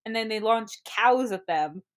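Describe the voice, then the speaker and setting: A woman's voice: on the high side, expressive, a little slow. A woman in casual chat as a podcast co-host, rambling and giggly with many restarts.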